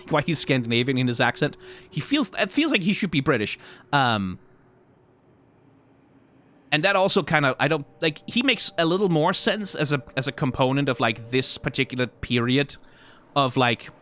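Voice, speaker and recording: A man reacting to game character designs in casual, rambling commentary, full of fillers, restarts and sudden excited jumps. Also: a little hiss or hum. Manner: rambling, frequent fillers and self-corrections; animated, pitch jumps when excited.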